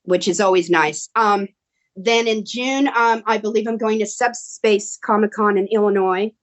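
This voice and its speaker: A woman's voice: moderate pace, rough recording. A middle-aged American woman, a guest actress telling stories animatedly in casual chat over a video call. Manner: animated, acts out quotes in a high voice. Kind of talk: casual storytelling.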